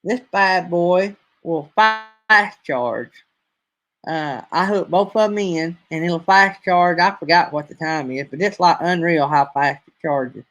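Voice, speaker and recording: High-voiced Alabama man chatting folksily. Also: steady tone, moderate pace, few pauses, fairly bright tone. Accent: Southern US, Alabama. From North Alabama. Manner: rambling, folksy, addresses viewers as y'all. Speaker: livestream host. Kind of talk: casual live-stream chat with viewers.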